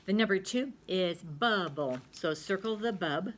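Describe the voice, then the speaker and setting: A woman's voice: medium pitch, animated, measured pace, a little hiss or hum. A middle-aged woman teacher, giving a spelling lesson to young students, patiently sounding out words and repeating them.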